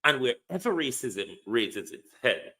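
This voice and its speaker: Impassioned Jamaican man, slow and bright. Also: mid-range voice, very animated. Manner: impassioned, preachy, hammering key words, reads and answers viewer comments. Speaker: online show host. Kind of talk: political commentary livestream.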